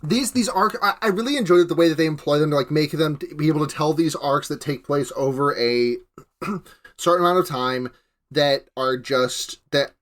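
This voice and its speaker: A man's voice: a little high, moderate pace, a bit bright. A man co-hosting a casual podcast, rambling with many restarts and frequent laughter. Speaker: podcast co-host. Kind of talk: casual anime recap chat.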